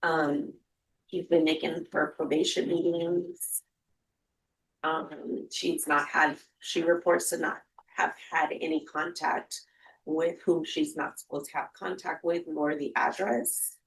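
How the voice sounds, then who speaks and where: A woman's voice: deep voice, fairly even intonation, slow pace, gravelly, slight background noise, rough recording. A woman attorney addressing a judge in court, hesitant with frequent fillers. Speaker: defense attorney. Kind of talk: courtroom proceedings.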